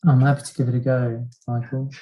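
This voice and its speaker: A man's voice: medium pitch, little pitch movement, a little fast, warm tone, rough recording. A man at a seminar reading an old-fashioned drama passage aloud, modest and stumbling now and then. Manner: modest, reads with some stumbles.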